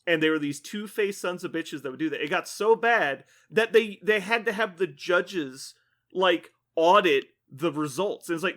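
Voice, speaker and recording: A man's voice: high-pitched, lively intonation, normal speed, bright, forceful tone. A man co-hosting a podcast, ranting casually with lots of swearing and acted-out quotes. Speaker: podcast co-host.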